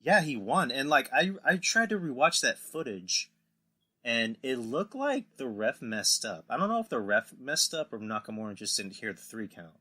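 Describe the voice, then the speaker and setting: On his laid-back wrestling podcast, a male host rambles through recaps and performs quotes in exaggerated voices. He speaks at normal speed with a medium, sing-song pitch and a sharp tone.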